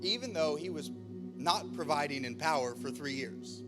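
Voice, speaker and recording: A male pastor with a high-pitched voice preaches an emphatic sermon, acting out the scenes as he tells them. Music plays clearly under his voice. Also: animated, moderate pace. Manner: emphatic, acts out scripture scenes. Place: church.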